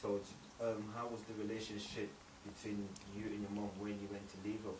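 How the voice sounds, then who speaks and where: A man's voice: fairly low pitch, level tone, fairly quick. A man asking short, casual interview questions and prompting with brief replies. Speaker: podcast interviewer. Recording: distant, roomy, noisy.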